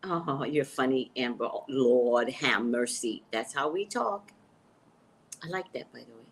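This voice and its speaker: A woman's voice: rumbling low, animated, normal speed, vocal fry. A middle-aged woman, a psychic reader, chatting casually with her live-stream viewers, exclaiming and laughing often.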